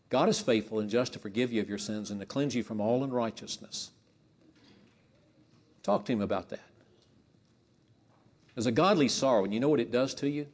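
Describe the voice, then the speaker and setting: A man preaching a sermon with impassioned delivery, rising to emphatic peaks and dropping low, leading a spoken prayer. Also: a little mellow. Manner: leads a spoken prayer to God.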